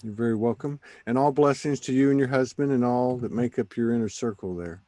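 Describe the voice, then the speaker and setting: A man's voice: medium pitch, fairly quick, dry recording. A man hosting a casual interview, easygoing and affirming, thanking his guest. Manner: easygoing, affirming, soft-spoken. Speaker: host.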